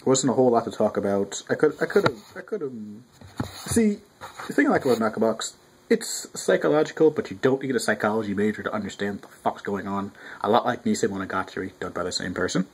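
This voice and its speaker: A man with a husky, slightly rough voice riffs through a casual manga review. His pitch swings around in a lively, animated way, and he talks a bit loud, swearing freely and restarting his sentences as he goes. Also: fast. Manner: rambling, profane, self-interrupting. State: talking loud with a clogged ear.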